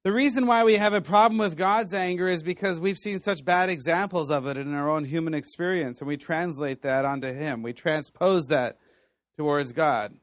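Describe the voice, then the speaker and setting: A man with a fairly high voice delivers sermon teaching in a relaxed, conversational style at a normal pace, telling stories with lots of animation and laughter. The sound is dry and close-miked, with no room echo.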